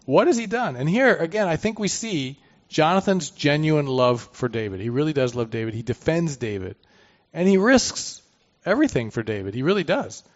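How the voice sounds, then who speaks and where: A man's voice: fairly high pitch, expressive, normal speed. A man teaching through a Bible passage, reading verses aloud and commenting in a conversational way with asides. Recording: dull lo-fi recording.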